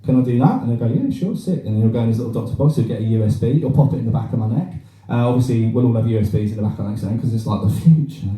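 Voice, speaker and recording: Rapid-fire and barely pausing, a stand-up comedian with a lowish, mellow voice and fairly even intonation runs a crude, self-deprecating set in a small bar, chatting with the crowd. The sound comes from a distant mic, roomy and live, with laughter from the audience.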